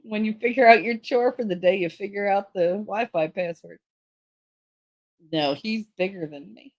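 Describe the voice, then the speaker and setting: A middle-aged woman hosting a stream, chatting casually with her viewers in a blunt, profane way and laughing often. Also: mid-range voice. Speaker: livestream host. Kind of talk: casual chat with live chat.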